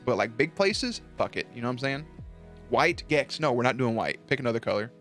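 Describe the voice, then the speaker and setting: Young male streamer, laid-back and profane storyteller, middling pitch, faint music behind. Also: fairly quick. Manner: profane, laughing, animated. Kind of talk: casual storytelling to chat.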